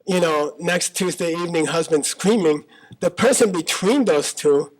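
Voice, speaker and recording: High-voiced man teaching a live talk. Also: poor audio. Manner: conversational, checks in with the audience with frequent "okay?"; argues by voicing debating partners in questions. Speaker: Buddhist teacher. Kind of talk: live dharma talk to an audience. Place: small auditorium at a live talk.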